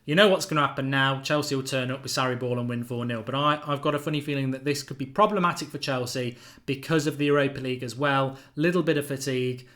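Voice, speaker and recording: A man hosting a football fan channel, giving opinionated predictions in casual live-stream chat, animated and full of fillers. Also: mid-range voice, fast talker.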